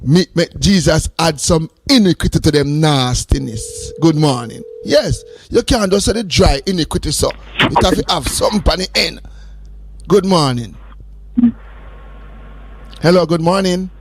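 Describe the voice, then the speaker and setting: A man's voice: a little high, lively intonation, normal speed, breathy edge. A man hosting a radio call-in show, joking and teasing his caller in a playful, sing-song way. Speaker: radio host. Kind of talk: casual call-in chat.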